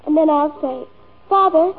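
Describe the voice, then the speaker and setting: A woman's voice: high-pitched, normal speed, natural voice. An actress playing a lonely, imaginative fifteen-year-old girl who is dreamy and precocious, in an old film. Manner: dreamy and precocious, pert when cornered. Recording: tinny lo-fi old film soundtrack, faint music.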